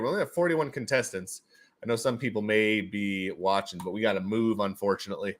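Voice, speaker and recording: A man's voice: lowish voice, brisk, a bit bright. A man hosting a casual livestream giveaway, who talks animatedly, repeats his own phrases and throws in playful sound effects. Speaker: livestream host running NFT giveaways.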